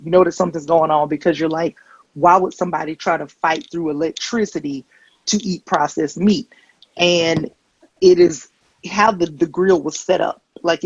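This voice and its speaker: A woman comedian performing a stand-up set, telling stories with deadpan, wry asides into a handheld stage mic. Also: low-pitched, gravelly, breathy edge, muffled recording. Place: comedy stage before a live audience.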